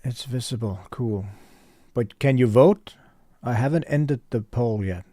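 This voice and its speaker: A man chatting casually on a livestream, rambling and thinking aloud as he reads viewers' messages. His voice is middle-pitched and sits close and dry, with no room around it. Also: unhurried, dark tone, no room sound. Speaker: store owner livestreaming.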